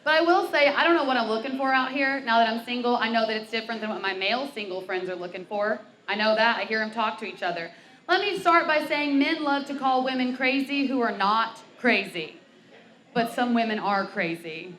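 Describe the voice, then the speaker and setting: Bright, brash young woman doing stand-up. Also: fairly high pitch, fairly quick. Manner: brash, bawdy storytelling with acted quotes. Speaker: stand-up comic. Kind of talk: stand-up comedy set. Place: brewery comedy stage before a live crowd.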